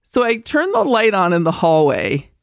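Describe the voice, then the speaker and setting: Animated woman telling a story. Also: mid-range voice, normal speed, creaky, no room sound, clean studio sound. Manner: animated storyteller, acts out her cat. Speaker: podcast co-host. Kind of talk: casual chat. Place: converted barn in the country.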